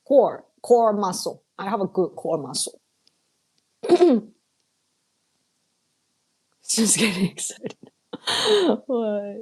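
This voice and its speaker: Slow-talking woman streamer. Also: medium pitch, sing-song, a little mellow. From Japan. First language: Japanese. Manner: chatty, laughs often, clears throat a lot. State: dry throat. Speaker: livestreamer reading chat. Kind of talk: casual live-stream chat.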